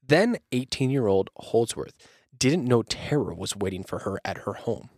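A male podcast host with an average-pitched voice reads a spooky account aloud. The sound is dry and close, and his delivery mixes steady reading with profane, jokey asides. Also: normal speed, dry recording. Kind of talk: casual podcast chat and story reading.

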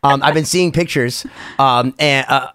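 A man's voice: mid-range voice, unhurried, fairly bright tone, smooth, no room sound, clean studio sound. A man co-hosting a podcast, rambling and joking through a casual chat with some swearing. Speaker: co-host.

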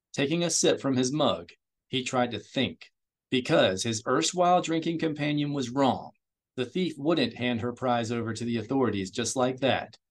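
A man narrating a science-fiction novella as an audiobook reader, in a steady, measured storytelling way. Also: medium pitch. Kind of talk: scripted narration.

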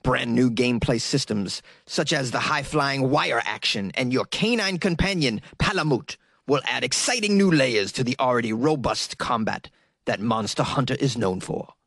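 A man voicing a dramatic video game trailer announcer, slow and booming, straining his throat. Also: lively intonation, vocal fry, a bit bright, no echo. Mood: epic.

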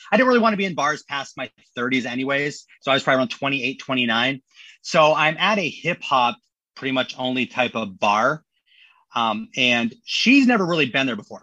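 Bright, husky-voiced man telling stories. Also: mid-range voice, dry recording, muffled recording. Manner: animated, acts out quotes in voices. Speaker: podcast guest. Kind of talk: casual storytelling.

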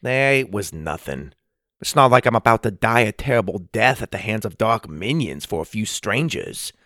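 Male narrator doing a grumpy cactus creature, sarcastic, gravelly. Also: medium pitch, very animated, normal speed, no echo, clean studio sound. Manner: sarcastic, grumbling.

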